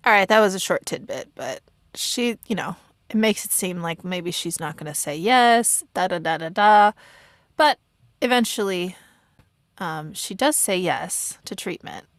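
A woman's voice: fairly low pitch, expressive, unhurried, dry recording. Earnest rambling woman, dry close sound. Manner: earnest, rambling, with many restarts and fillers. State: getting emotional. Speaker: commentator reacting to a reality show. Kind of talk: casual spoken commentary.

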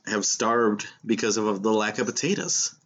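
Animated man joking on a podcast. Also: fairly low pitch, normal speed. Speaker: podcast co-host. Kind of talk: casual podcast chat.

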